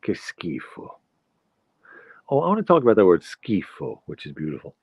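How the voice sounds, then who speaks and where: A man's voice: lowish voice, huge pitch swings, fast, husky, no echo. A man from the Bronx, hosting a rambling, playful solo monologue full of digressions. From the Bronx, New York. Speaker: podcast host. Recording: dull lo-fi recording, dry.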